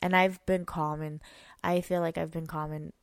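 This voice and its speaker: A young woman co-hosting a casual podcast, talking in a slightly low voice. She is blunt and swears freely. She gets loud and animated when she retells arguments. The sound is dry and close. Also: moderate pace, clear, resonant tone, dry recording. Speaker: podcast co-host. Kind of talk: casual chat.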